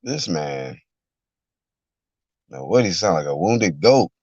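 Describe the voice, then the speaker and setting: A man ranting on a live reaction stream, mocking and animated, sometimes breaking into shouted impressions, in a car. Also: sits low, moderate pace, breathy edge, no room sound. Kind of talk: profane live reaction rant. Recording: dull lo-fi dry recording.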